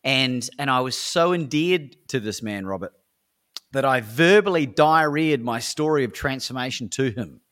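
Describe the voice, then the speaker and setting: With a mid-range voice and moderate pace, an Australian man who works as a speaker and coach recounts stories energetically in an interview. He plays out the conversations in character and keeps restarting his lines.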